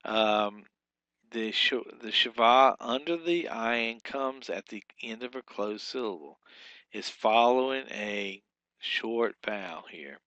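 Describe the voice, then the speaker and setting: A man teaching a recorded Hebrew grammar lesson, explaining rules step by step with frequent pauses and restarts. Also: on the low side, animated, pushed and bright, no echo, dull audio.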